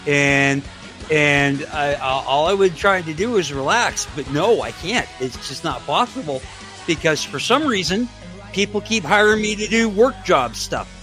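A man's voice: on the high side, pushed and bright. A middle-aged man from Canada co-hosting a casual podcast, rambling and joking with frequent restarts. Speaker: co-host.

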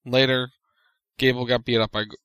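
A man's voice: mid-range voice, level tone, a little fast, fairly bright tone, smooth, dry recording. Matter-of-fact man recapping results. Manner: matter-of-fact, brief summaries. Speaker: podcast co-host. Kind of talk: casual wrestling recap chat.

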